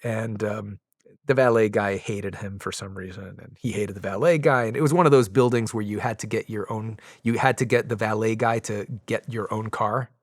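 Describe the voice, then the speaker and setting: Low-voiced man telling a story, dry sound. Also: fairly even intonation, moderate pace, no echo. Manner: rambling, many fillers and restarts. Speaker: podcast guest. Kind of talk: casual storytelling.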